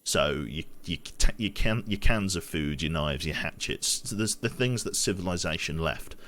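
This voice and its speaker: A man's voice: low voice, animated, moderate pace, a bit bright, a little hiss or hum. A young man with a Brummie accent giving casual, rambling commentary while streaming a survival game, swearing casually and restarting his sentences.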